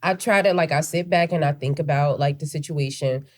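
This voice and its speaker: A woman's voice: low voice, a little fast. A woman in her thirties co-hosting a podcast, telling stories in a candid, casual way with plenty of swearing. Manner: candid, profane storytelling. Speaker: podcast co-host. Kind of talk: casual chat.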